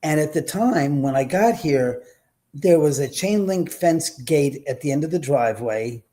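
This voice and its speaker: Animated older Los Angeles man telling stories. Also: on the high side, unhurried. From Los Angeles, USA. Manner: animated, acts out quoted dialogue. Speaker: podcast guest. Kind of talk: casual storytelling.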